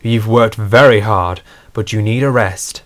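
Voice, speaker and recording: A man's voice: lowish voice, a little slow, fairly bright tone. A man playing a kindly, firm and polite male station master.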